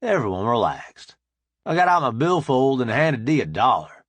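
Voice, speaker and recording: A man's voice: medium pitch, very animated, moderate pace, breathy edge, no echo. A man narrating a first-person audiobook with a wry storytelling delivery.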